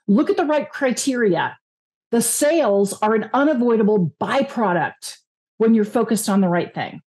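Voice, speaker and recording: A woman coach, a guest in an interview, talking upbeat and often slowing down to make her points. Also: on the high side, darkish tone. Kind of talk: interview conversation. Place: California.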